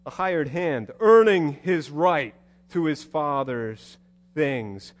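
Male preacher, wry and animated, lively pitch, big reverberant hall. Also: slow pace. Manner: conversational, wry, animated storytelling. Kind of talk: sermon.

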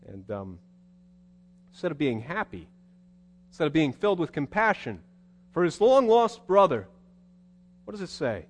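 A male preacher with a fairly high, very lively voice, telling a story in a wry, conversational sermon. The sound rings with a long hall reverb. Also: normal speed, pauses often, breathy edge.

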